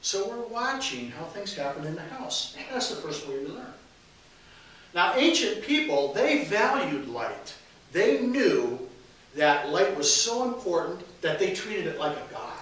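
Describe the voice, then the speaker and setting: Man, informal sermon, rambling, lots of fillers, animated pitch, distant mic, echoey hall, faint hiss. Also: unhurried. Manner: rambling, with many fillers and restarts. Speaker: minister giving a talk. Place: church meeting hall.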